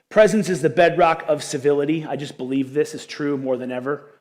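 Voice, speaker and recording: A male pastor gives a sermon and tells his stories in an animated, chatty way. His voice sits a touch high for a man. The sound carries a long reverb from a church hall. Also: fairly quick, hardly any pauses. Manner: animated, conversational storytelling. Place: church auditorium.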